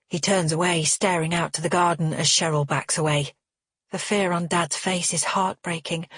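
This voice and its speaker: Husky low-voiced woman narrating a thriller. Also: steady tone, normal speed, fairly bright tone, dry recording, clean studio sound. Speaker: audiobook narrator. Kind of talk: scripted first-person thriller narration.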